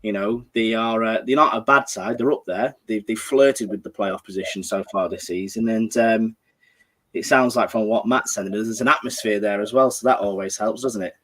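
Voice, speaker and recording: A man's voice: lowish voice, steady tone, moderate pace, fairly bright tone. Man, football livestream host, casual chat, chatty. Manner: chatty, reads viewer comments aloud.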